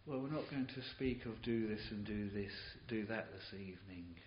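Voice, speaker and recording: A man preaching a sermon in a church, impassioned and halting, often repeating words as he builds his points. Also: on the low side. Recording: dull, hissy, roomy old tape recording.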